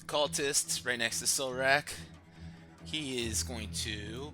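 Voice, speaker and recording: A man's voice: medium pitch, slow. A man narrating as dungeon master in a live tabletop game, describing the action in an easygoing way and laughing often. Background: background music.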